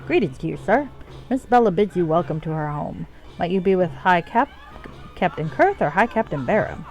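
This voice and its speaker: A woman's voice: on the low side, big pitch swings, normal speed, darkish tone, soft background music, poor audio. A woman voicing a blunt, threatening male brothel doorman, reading game dialogue aloud in a pushy tone. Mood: menacing. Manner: pushy and menacing.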